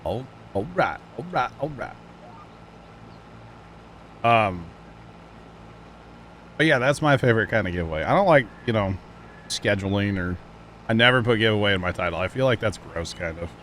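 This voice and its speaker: A man livestreaming a farming game, chatting casually with viewers and teammates, thanking them between quick exclamations. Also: lowish voice, expressive, fairly bright tone, a little hiss or hum. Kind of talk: casual gaming livestream chat.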